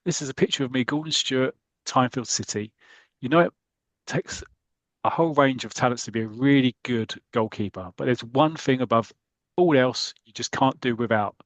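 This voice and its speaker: A man's voice: mid-range voice, normal speed, no room sound, lightly acted. A man voicing a cheerful young comic-strip goalkeeper who greets readers as pals. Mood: chirpy. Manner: chirpy, addresses readers as pals.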